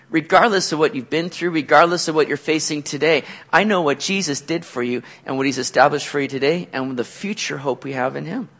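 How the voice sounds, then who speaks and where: A man preaching a sermon as pastor, animated, acting out quotes with loud, excited outbursts. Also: a little high.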